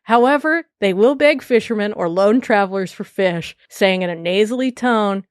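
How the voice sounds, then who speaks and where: Woman host, casual spooky storytelling, laughs a lot, middle-pitched voice. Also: normal speed, clean tone, no room sound. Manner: playful, laughs while telling spooky tales. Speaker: podcast host.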